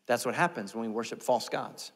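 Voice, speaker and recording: A man's voice: mid-range voice, brisk, breathy edge. A man preaching a sermon as pastor, in a humorous, self-deprecating, conversational way. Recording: echoey church hall.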